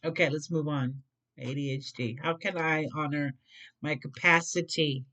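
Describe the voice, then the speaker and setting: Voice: mid-range voice, fairly even intonation, normal speed, bright, forceful tone. A tarot reader giving a casual reading, rambling, repeating words and tripping over some.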